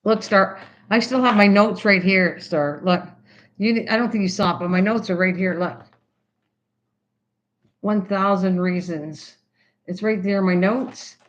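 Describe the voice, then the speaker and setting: A woman's voice: medium pitch, a little slow, muffled recording. An older woman hosting a crafting livestream. She chats casually with viewers, rambling and restarting her sentences as she works. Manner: chatty, rambling, stops mid-sentence and restarts.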